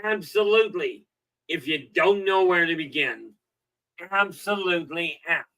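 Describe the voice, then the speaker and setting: Bright folksy man rambling on a livestream. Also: a little high, expressive, a little slow, low-quality recording. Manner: folksy, rambling, tells jokes, frequent "okay" and "you know". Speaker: self-help livestream host. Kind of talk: casual livestream talk.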